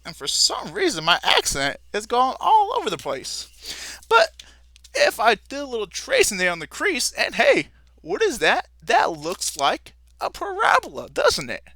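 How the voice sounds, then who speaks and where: A folksy, cheerful frontiersman, as a man puts him on, hamming it up in a voice pitched well above his own. The tone is bright and swoops around a lot, and the sound is dry and close. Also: huge pitch swings, unhurried, dry recording, heavily acted. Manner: folksy, hammy, calls listeners "folks".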